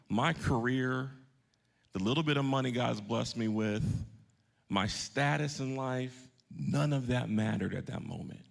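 A man's voice: mid-range voice, vocal fry. A man in his thirties, a pastor preaching a sermon, telling a personal story with earnest emphasis and putting questions to his congregation. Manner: earnest, shifting pace for emphasis.

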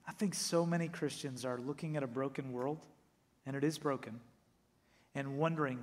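A male pastor preaching a sermon, animated, acting out quotes and swinging between loud and hushed. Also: mid-range voice, moderate pace.

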